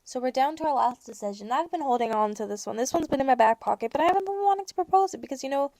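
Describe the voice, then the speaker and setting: A woman's voice: sits high, animated, rapid-fire, a little mellow, no echo. A young adult woman hosting a podcast, telling a story in a casual chat with sarcastic rants and acted-out bits of dialogue. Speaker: podcast host.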